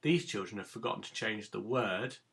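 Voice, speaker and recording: A man's voice: fairly low pitch, normal speed, vocal fry, a bit bright. A man teaching a recorded phonics lesson to young children, giving patient step-by-step instructions. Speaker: primary school teacher.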